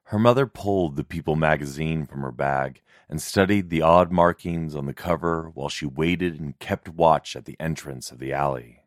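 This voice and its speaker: A man narrating a horror story in a slow, measured, even way. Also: a bass voice, no room sound, studio quality.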